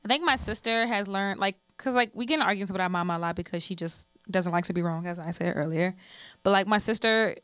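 A young woman chatting casually on a podcast, telling stories slowly with a relaxed, rambling manner. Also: mid-range voice, clean tone, no echo. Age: young adult. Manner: slow, laid-back storytelling with frequent "like". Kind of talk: casual chat.

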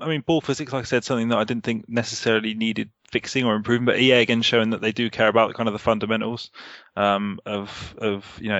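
Gravelly, low guy rambling. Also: a bit bright, no echo. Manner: rambling, hedges with "kind of", swears casually. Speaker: podcast co-host. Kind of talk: casual podcast chat. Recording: slightly muffled dry recording.

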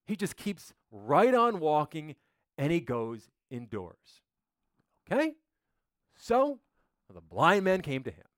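Lively, animated man preaching. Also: fairly high pitch, no room sound, studio quality. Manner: animated preaching, dramatic quoting, some stammered restarts. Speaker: pastor. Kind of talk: sermon.

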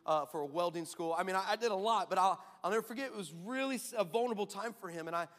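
A man preaching a sermon as pastor, telling a story in an animated way, acting out quotes and laughing often. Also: high voice, rapid-fire. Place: large church hall. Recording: reverberant church hall.

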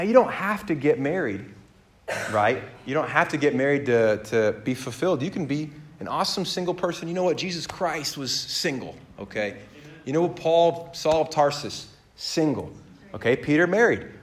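A man in his thirties preaching a sermon, telling stories with lively acted-out dialogue that swings his voice up and down. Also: moderate pace. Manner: animated storyteller, acts out dialogue with big pitch jumps. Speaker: pastor.

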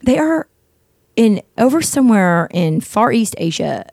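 A woman's voice: mid-range voice, sing-song, measured pace, creaky, a little mellow, no echo, clean studio sound. A blunt, outspoken middle-aged woman hosting a casual talk show, chatting with her co-host. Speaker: podcast host. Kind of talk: casual chat.

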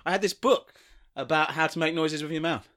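A man's voice: on the high side, fairly quick, pushed and bright. A man hosting a comedy podcast, teasing and playful in casual banter. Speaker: podcast host.

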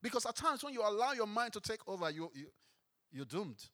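A man's voice: sits high, sing-song, brisk, a bit bright. A man preaching a sermon, asking the congregation questions and reading scripture with rising emphasis.

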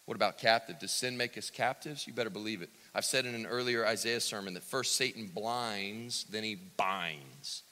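A man preaching a sermon, swinging from loud to hushed and acting out the quotes he cites. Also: on the low side, normal speed, hardly any pauses. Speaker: pastor. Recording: long reverb of a church hall.

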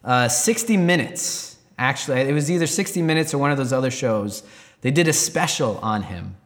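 A man's voice: medium pitch, lively intonation, normal speed, big-room sound. A man giving a candid personal testimony, rambling and restarting as he recounts events. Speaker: Christian storyteller.

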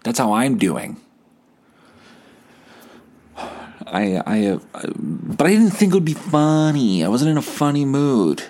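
A man's voice: medium pitch, sing-song, slow, pauses often, darkish tone. A young man from Canada hosting a solo podcast, talking in a profane, sarcastic, rambling way. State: hungover. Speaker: podcast host. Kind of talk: casual solo rant.

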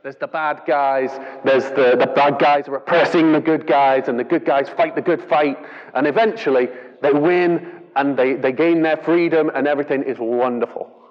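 A man's voice: fairly high pitch, normal speed, few pauses, in a large hall, highs cut off. A man from England giving a casual, chatty sermon, often restarting his sentences. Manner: casual, chatty and self-deprecating, with repeated restarts. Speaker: preacher. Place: church hall.

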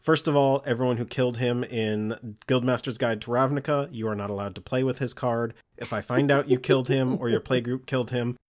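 Excitable, joking male podcast host. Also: mid-range voice, a little fast, hardly any pauses. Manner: excitable, joking, laughs often. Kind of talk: casual chat.

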